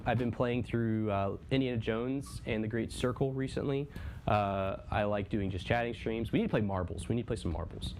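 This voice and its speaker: A young man, chatting casually with his viewers during a livestream while he paints, breaking into loud excited bursts now and then. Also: mid-range voice. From Texas. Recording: steady background noise.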